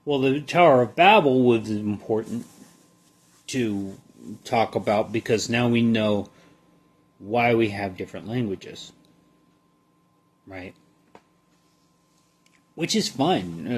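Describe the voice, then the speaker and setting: A man giving a casual Bible study, reading a passage in a halting way and then talking it through conversationally. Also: fairly low pitch. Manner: slow, halting, reads then comments conversationally. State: sleepy, yawning.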